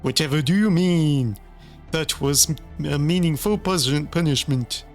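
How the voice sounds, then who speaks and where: A man's voice: a little high, measured pace, faint music behind. A man voicing a fussy, fawning male servant knight.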